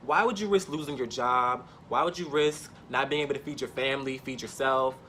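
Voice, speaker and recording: A man's voice: mid-range voice, brisk, pushed and bright, slight background noise. A man telling a personal story in an emphatic, impassioned way, repeating points for stress.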